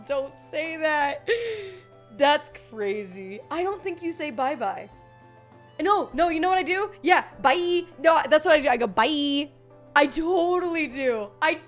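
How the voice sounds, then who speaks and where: Animated young woman streamer, high voice. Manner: rambling, swears a lot, laughs often; animated voice swings, mimics others. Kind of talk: casual stream chat.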